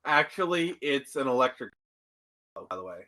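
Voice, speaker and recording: A man's voice: medium pitch, sing-song, normal speed, pushed and bright. A man co-hosting a podcast in casual chat, rambling with constant fillers. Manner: rambling, heavy fillers like "like" and "you know". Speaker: podcast co-host.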